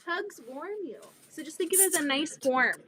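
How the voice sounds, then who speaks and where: A woman's voice: high voice, animated, normal speed, pushed and bright, a little hiss or hum. A young woman co-hosting a casual chat, teasing and laughing, with mock-dramatic groans.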